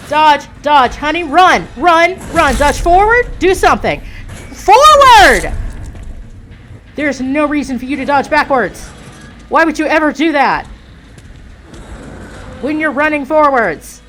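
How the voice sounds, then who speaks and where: A woman doing gameplay commentary who shouts frantic commands at her character, swears a lot, and talks calmer and self-deprecating between fights. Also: high-pitched, unhurried, a little hiss or hum.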